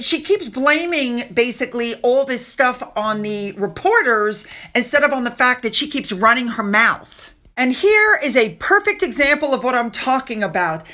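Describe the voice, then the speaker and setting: A woman's voice: high-pitched, pushed and bright. A woman from the United States giving casual, opinionated commentary on royal gossip, sarcastic and blunt.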